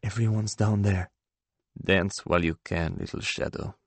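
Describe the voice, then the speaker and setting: A man's voice: sits low, a little slow, sharp tone, dry recording, exaggerated voice. A man voicing an eccentric male mathematician who speaks broken English in a mocking, querulous way. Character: eccentric male quant mathematician, scornful recluse.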